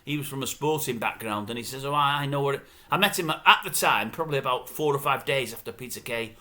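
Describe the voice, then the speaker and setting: A man's voice: medium pitch, expressive, fast, sharp tone. A man ranting casually about showbiz news. He grumbles and mimics other people's voices. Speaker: showbiz commentary vlogger. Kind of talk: casual opinionated rant.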